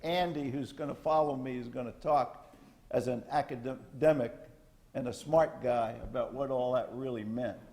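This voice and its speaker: A man's voice: mid-range voice, normal speed, a little mellow. An older man, a retired Marine general, giving a lecture to cadets in a blunt, folksy military manner with salty asides.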